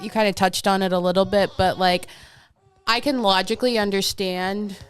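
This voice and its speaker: A young adult woman co-hosting a podcast from home, talking thoughtfully and haltingly with many fillers. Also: mid-range voice, steady tone, a little hiss or hum. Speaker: podcast co-host. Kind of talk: casual chat. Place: at home, children heard downstairs.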